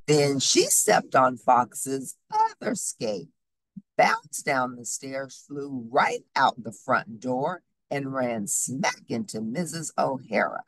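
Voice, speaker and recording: Woman, storybook read-aloud, expressive pitch swings, raspy, dry recording. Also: takes it slowly, no echo, poor audio. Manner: lively, expressive, animated reading. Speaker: storybook reader.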